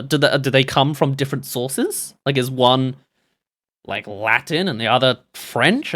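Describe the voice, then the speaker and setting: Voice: mid-range voice, fairly bright tone. A streamer, rambling and chatty while reacting to movie trailers live, reading chat aloud and laughing often.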